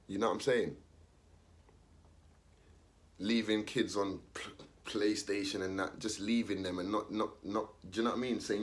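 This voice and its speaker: A man's voice: on the low side, steady tone, normal speed, long pauses. A young man, talking casually in street slang, ranting his opinion and acting out the voices of others. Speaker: commentator.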